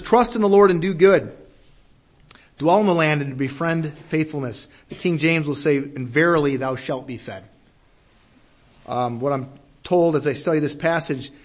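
A man's voice: a little high, normal speed, pauses often. A man preaching a sermon in an earnest way, repeating his phrases and building to emphatic peaks.

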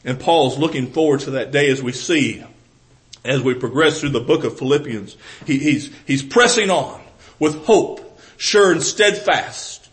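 A preacher with a Southern US accent delivers an earnest sermon to his congregation in a mid-range, expressive voice at an unhurried pace. He often restarts phrases and swings between loud emphasis and soft, intimate asides. The audio is poor.

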